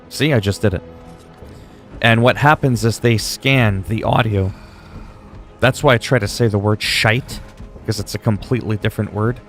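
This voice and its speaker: A man livestreaming and chatting casually while gaming, opinionated and rambling, swearing freely. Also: lowish voice.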